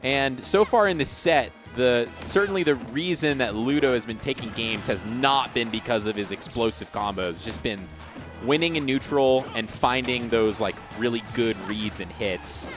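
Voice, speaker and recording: A man commentating a fighting game tournament in casual chat with a co-caster, animated and quick to jump up in pitch when excited. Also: over music. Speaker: esports commentator.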